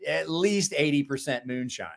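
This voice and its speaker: Podcast host, man in his forties with a high voice, tells rowdy stories with lots of swearing. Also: moderate pace, creaky. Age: 40s. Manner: profane, animated anecdote telling. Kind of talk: casual storytelling.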